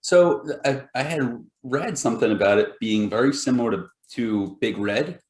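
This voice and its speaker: A man's voice: mid-range voice, moderate pace, a little mellow, echoey room. A man appearing as a guest, chatting casually and reacting with exclamations during a spicy food challenge. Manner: laid-back, reacts with exclamations.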